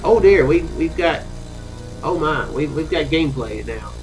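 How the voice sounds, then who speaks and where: Chatty Southern man with a lively voice. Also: a little high, normal speed, faint music behind, rough recording. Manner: rambling, chatty asides full of fillers. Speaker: gaming channel host. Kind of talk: game commentary while reading a story game aloud.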